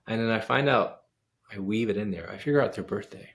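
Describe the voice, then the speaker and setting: Gravelly-voiced man telling an animated story. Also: on the low side, fast. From United States. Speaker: guest pianist and composer. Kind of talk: storytelling in a casual interview.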